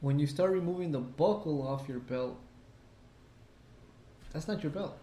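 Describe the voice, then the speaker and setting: Man, podcast co-host, profane, animated storyteller, slightly high voice, echoey room. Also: a little slow. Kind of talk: casual drunk podcast chat.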